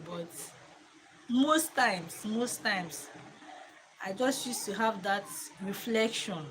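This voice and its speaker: A woman, a mother chatting casually to camera from her living room, reflective and quick to laugh. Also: mid-range voice, fairly bright tone, slight background noise, poor audio. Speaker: mother and home vlogger.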